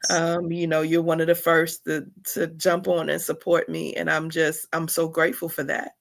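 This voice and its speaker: Woman, forties, gravelly, dry close sound, emotional, near tears. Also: low voice, monotone, moderate pace, no room sound. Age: 40s. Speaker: host. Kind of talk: casual chat.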